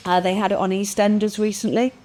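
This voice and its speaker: A woman, a podcast guest, telling a personal story in a lively, expressive way, acting out the quotes and swearing casually. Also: medium pitch, fast.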